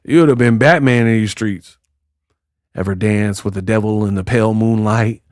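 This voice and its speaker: A man's voice: on the low side, normal speed, no room sound, clean studio sound. A man hosting a casual commentary stream, talking in slangy, teasing rants. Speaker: YouTuber streamer.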